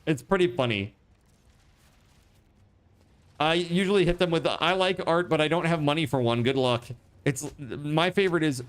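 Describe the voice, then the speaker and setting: A man giving casual, excitable commentary while streaming a survival game. He swears freely, yelps in alarm and breaks into laughter. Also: on the high side, clear, resonant tone. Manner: retells chats in quick put-on voices.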